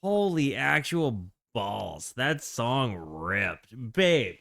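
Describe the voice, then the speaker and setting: Man hosting a casual reaction stream, jokey and rambling, animated delivery, dry sound. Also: mid-range voice, very slow, vocal fry, no echo, faint music behind. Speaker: music reaction host.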